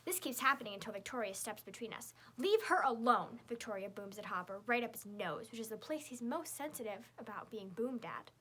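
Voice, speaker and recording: A woman narrating a children's chapter book in the first person, in a lively, girlish storytelling voice. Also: medium pitch, brisk, hardly any pauses, slight background noise. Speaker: audiobook narrator.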